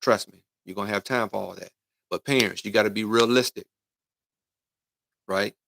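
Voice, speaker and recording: A middle-aged youth football coach, voice on the low side, creaky and a bit bright, keeps fairly even intonation at a moderate pace with no echo. He gives a folksy, preachy motivational talk on a livestream, speaking directly to parents and kids and often saying "right?" and "man."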